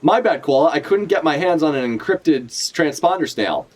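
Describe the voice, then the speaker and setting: A man voicing an easygoing young man who shrugs off an apology in a quick, offhand way. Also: on the high side, expressive.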